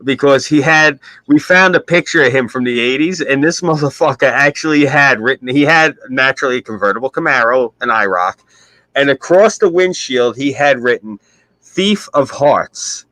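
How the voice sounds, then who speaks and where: A man's voice: medium pitch, fairly quick, pushed and bright, dry recording, poor audio. A man with a New York accent telling stories in a brash, profane way on a casual stream. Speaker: stream host. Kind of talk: casual chat.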